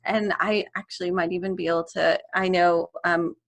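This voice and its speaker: A woman's voice: on the low side, steady tone, moderate pace, creaky. A young adult woman, a music therapist, chatting animatedly on a video call and laughing often as she talks. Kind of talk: casual interview chat.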